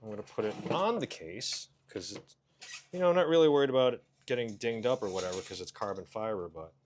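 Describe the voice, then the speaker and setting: A man's voice: fairly low pitch, animated, fast talker, noisy background. A man, a comedian, casually narrating his own vlog, muttering and joking at himself while he fiddles with gear in a hotel room. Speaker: comedian and vlogger.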